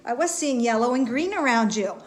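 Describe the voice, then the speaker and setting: A woman's voice: on the high side, expressive, slight background noise. Earnest woman giving a spiritual reading. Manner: earnest, repetitive, halting with fillers and restarts. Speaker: intuitive reader and host. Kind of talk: live spiritual reading to viewers.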